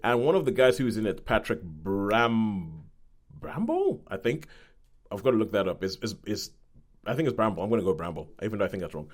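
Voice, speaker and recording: A male podcast host with a lowish voice talks fairly quickly and very animatedly. Casual and rambling, he works through a review, correcting himself along the way and acting out the voices he quotes.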